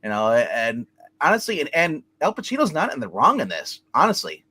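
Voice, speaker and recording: A man's voice: a little high, huge pitch swings, fairly quick, pushed and bright, slightly rough. A man reviewing a film in casual chat, rambling with lots of fillers and restarts, acting out characters' lines as he goes. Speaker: movie reviewer. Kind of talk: casual podcast movie review.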